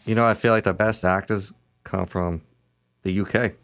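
Man, lowish voice, easygoing, halting sentences, casual chat. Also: fairly even intonation, fairly bright tone. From Boston area.

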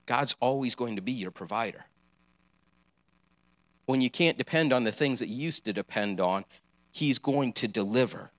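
A man's voice: medium pitch, expressive, moderate pace, pauses often, a bit bright. A man preaching a sermon, earnest and encouraging, with casual asides.

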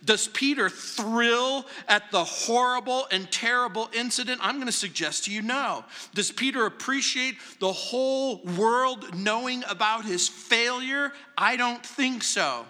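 A man preaching a sermon as pastor, emphatic and dropping to hushed tones at times. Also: extremely high pitch, unhurried, few pauses, in a large hall.

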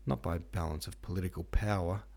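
An earnest, awkward young idealist from a storybook, as a narrator puts him on. He rambles in a low, plain voice. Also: a little fast, gravelly, a little mellow.

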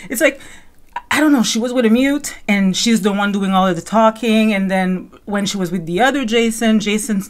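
Rambling, chatty woman podcast host. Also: medium pitch. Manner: rambling, conversational, lots of fillers and self-corrections. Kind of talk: casual commentary on reality TV.

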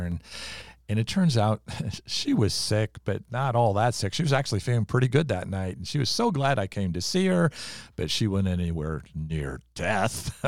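An older man, a pastor, telling a personal testimony in a lively storytelling way and acting out other voices. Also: on the low side, no echo, studio quality. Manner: animated, acts out quoted voices.

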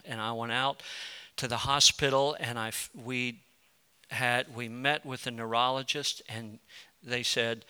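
Middle-aged preacher guy, clear resonant voice, pleading then storytelling. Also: medium pitch, steady tone, measured pace, bright, forceful tone. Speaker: pastor. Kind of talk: sermon.

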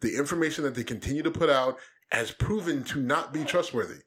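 A man's voice: fairly high pitch, quick pace, fairly bright tone. A man co-hosting a casual political chat, ranting heatedly with plenty of swearing and emphatic rises.

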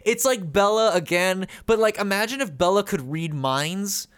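A man co-hosting a podcast in casual, animated chat, swearing and laughing often. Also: sits high, normal speed, smooth. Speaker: podcast co-host.

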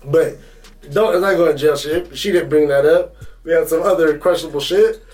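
A young man co-hosting a podcast, telling a story in a casual, profane, animated way. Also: fairly high pitch, normal speed, recorded from a distance, rough recording. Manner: animated, profane, acts out quotes. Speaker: podcast co-host.

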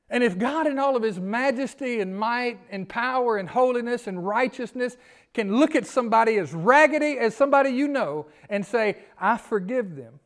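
A man's voice: sits high, fairly bright tone. A man preaching a sermon as pastor, folksy, often chuckling and asking the congregation questions. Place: church sanctuary.

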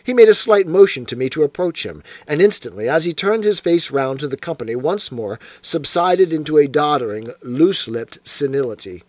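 A man reading a classic detective story aloud in a measured, expressive storytelling manner. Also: a little high, no room sound. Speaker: audiobook narrator. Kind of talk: scripted narration.

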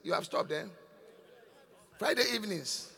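A man's voice: sits high, big pitch swings, unhurried, gravelly, sharp tone. An older man, a bishop preaching to his congregation, questioning and scolding them in call-and-response. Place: large church hall. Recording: long reverb of a church hall.

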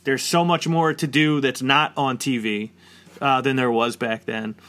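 A man's voice: medium pitch, steady tone, measured pace, a bit bright. A man around forty chatting casually and rambling, with lots of "like" fillers. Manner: rambling, heavy use of "like" fillers. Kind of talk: casual chat.

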